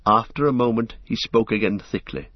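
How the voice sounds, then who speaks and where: A man narrating a storybook with steady, even reading, on a dull lo-fi recording. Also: fairly low pitch, normal speed, no room sound. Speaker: audiobook narrator.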